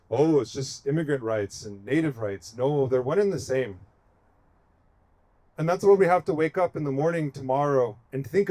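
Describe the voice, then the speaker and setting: A man speaking in a slightly high register with a mellow, warm tone. He gives an impassioned rally speech to a protest encampment. He drives his points home with emphatic, repeated phrases. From United States. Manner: emphatic, repetitive rhetorical cadence.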